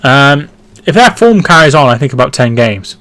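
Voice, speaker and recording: A man's voice: mid-range voice, big pitch swings, moderate pace, a bit bright, no echo. Chatty male football streamer. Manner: chatty, reads out viewer comments and reacts to play. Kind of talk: casual live watchalong commentary.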